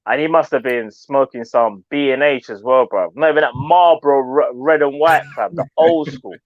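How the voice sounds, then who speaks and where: A man's voice: medium pitch, normal speed, no echo. A man co-hosting a fan show, chatting casually with slang and frequent laughter. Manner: animated, laughs a lot, slangy. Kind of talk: casual football banter. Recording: dull dry sound.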